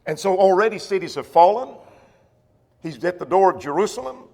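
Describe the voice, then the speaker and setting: A man's voice: sits high, expressive, fairly quick, vocal fry, a little mellow, in a large hall. A man teaching a church Bible class, explaining scripture in plain words with frequent fillers and restarts.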